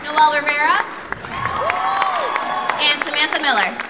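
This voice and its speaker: High woman reading out names, far off, loud crowd in echoey hall. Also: a little slow. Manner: reading names clearly, steady. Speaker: announcer. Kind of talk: award announcement. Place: large auditorium. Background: loud audience noise.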